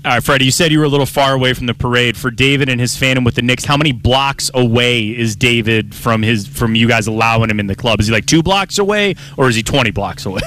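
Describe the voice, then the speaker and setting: A man co-hosting a sports radio show, upbeat and energetic as he plugs the show and asks questions. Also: mid-range voice, quick pace, hardly any pauses. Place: radio studio.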